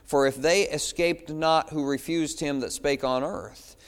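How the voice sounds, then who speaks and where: A man's voice: on the high side, fairly even intonation, a little slow, in a large hall. A man preaching a sermon as pastor, pleading and building in intensity. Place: church.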